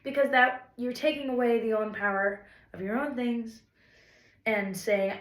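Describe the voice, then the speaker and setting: A fairly high-voiced woman chats to the camera about making things, rambling and encouraging with some self-deprecating asides. Her voice rings around a roomy, echoey space. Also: fairly even intonation, a little slow. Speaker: songwriter vlogger. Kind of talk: casual reflective talk to camera.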